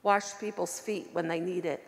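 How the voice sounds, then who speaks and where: A patient, gentle teacher, as a woman reads him. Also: lowish voice, fairly even intonation, normal speed, long reverb tail, lightly acted. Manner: patient, explaining kindly. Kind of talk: children's story read aloud in church.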